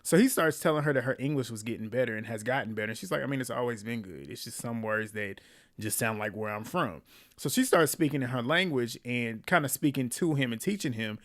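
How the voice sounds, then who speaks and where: A man talks through a reality show episode in a relaxed, conversational recap. He drops sarcastic asides and laughs at the people he describes. His voice sits at an ordinary middle pitch. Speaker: recap host.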